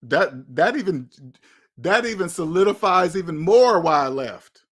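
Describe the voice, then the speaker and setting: A man's voice: sits high, lively intonation, a little slow, slightly rough. A man, hosting his own channel and giving blunt, emphatic advice in a candid monologue, often repeating phrases for stress. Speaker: channel host.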